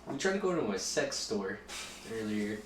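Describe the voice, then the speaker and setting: Young male co-host, low-pitched joker, distant roomy mic. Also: sing-song, normal speed, noisy background. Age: young adult. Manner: joking storyteller. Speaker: podcast co-host. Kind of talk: casual chat. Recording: echoey room, distant mic.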